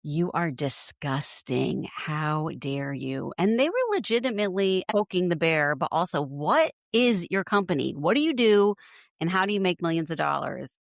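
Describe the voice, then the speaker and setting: A woman's voice: on the low side, big pitch swings, fairly quick, dry recording, studio quality. A woman co-hosting a podcast, recapping reality TV in casual chat, blunt and swearing freely, often laughing and acting out quotes. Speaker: podcast co-host.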